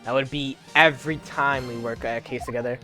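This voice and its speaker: A man's voice: medium pitch, fairly even intonation, fairly quick, bright, forceful tone, faint music behind. A man casually reading visual novel dialogue aloud on a live stream, chatting and laughing between lines.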